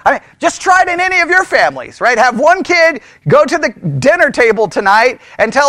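A man leading a Bible study, animated, laughing often and asking the group rhetorical questions. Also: very high-pitched, fairly quick, hardly any pauses, no room sound.

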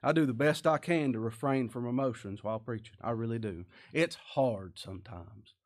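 A man's voice: medium pitch, normal speed. A man preaching a sermon, earnest and emphatic, with many rhetorical questions.

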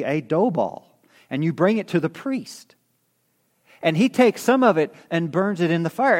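Conversational man preaching, slightly high voice. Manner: conversational, self-correcting, asks the congregation "okay?". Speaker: pastor. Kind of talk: expository sermon.

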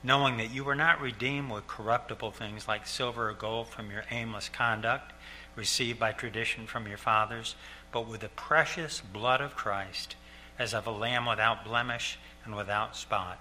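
An older man preaching a sermon as pastor, earnest and repeating key lines slowly for emphasis. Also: fairly low pitch, steady tone, bright, forceful tone, a little hiss or hum. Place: church sanctuary.

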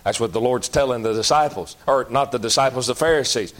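A man preaching a sermon in a folksy, emphatic way, jumping to loud outbursts and dropping to low, slow asides. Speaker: pastor.

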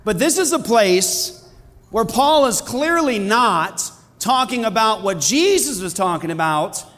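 A male pastor preaching in a church with a strikingly high voice. He talks to the congregation in a casual, conversational way and then builds to forceful, emphatic bursts. The sound carries a long reverb from the hall. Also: unhurried. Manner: animated, conversational preaching with sudden emphatic outbursts. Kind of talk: sermon. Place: church sanctuary.

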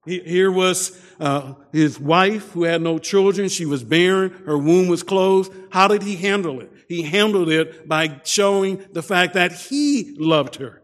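A man preaching a sermon, often repeating his first words and dropping to a soft voice for emphasis. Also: high-pitched, unhurried, few pauses, in a large hall. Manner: repeats words at starts, soft dramatic drops.

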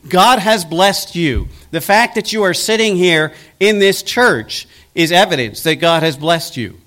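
A man preaching a sermon as pastor in a church, earnest and slowing down to stress key words. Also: sits high, animated, a bit bright.

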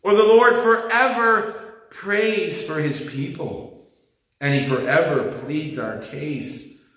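Pastor, male, slow deliberate sermon delivery, bright tone, roomy church echo. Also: fairly high pitch. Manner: earnest, emphatic preaching with slow stresses.

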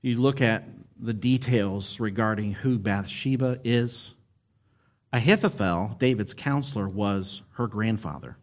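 A pastor delivers a sermon in a fairly low voice, earnest and expressive. He pushes key words upward and slows down to stress his points.

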